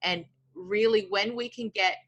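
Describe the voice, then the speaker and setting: Bright-voiced, reflective woman guest. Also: medium pitch, steady tone, measured pace, husky, highs cut off. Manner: open, reflective, heavy use of filler words. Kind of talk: casual conversation.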